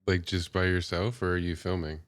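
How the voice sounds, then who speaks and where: A man's voice: low-pitched, level tone, brisk, no echo, clean studio sound. A man co-hosting a podcast, chatting casually with short, skeptical remarks. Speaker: podcast co-host. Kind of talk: casual chat.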